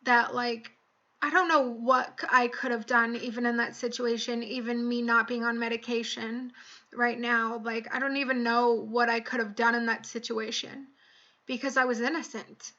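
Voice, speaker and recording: A woman's voice: a little high, normal speed. Earnest young woman telling her story. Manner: earnest, animated retelling with quoted voices. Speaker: vlogger. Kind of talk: personal storytelling to camera. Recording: dull lo-fi recording.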